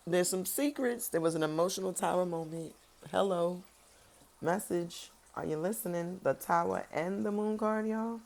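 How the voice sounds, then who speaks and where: A woman giving a casual tarot reading, talking straight to her viewers in a sassy, animated way. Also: lowish voice, moderate pace, vocal fry. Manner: animated, swings between loud emphasis and soft serious tones. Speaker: tarot reader.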